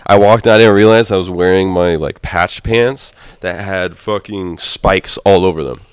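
A man's voice: deep voice, normal speed, clean tone, no echo, studio quality. A young man co-hosting a podcast, chatting casually in a profane, rambling way and laughing often. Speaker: podcast co-host. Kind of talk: casual crude banter.

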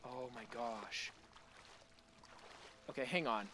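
A man giving goofy, rambling commentary while playing a video game, talking to the creatures on screen and yelling now and then. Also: medium pitch, takes it slowly, a little hiss or hum. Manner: goofy, talks to game creatures, sudden yells. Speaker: gameplay video host. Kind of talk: let's play commentary.

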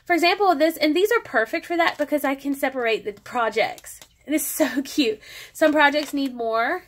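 A woman's voice: high-pitched, moderate pace. An adult woman and mother, chatting casually through a show-and-tell about her planner, rambling and breaking off mid-thought. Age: adult parent. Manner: chatty, rambling, self-interrupting. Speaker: planner vlogger.

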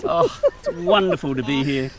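Eager grown son, Australian accent, bubbly, gushing, fairly high, very lively pitch. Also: male voice, normal speed, very noisy. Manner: bubbly, gushing, laughs often. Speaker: adult son arriving at a family dinner. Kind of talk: TV comedy-drama acting.

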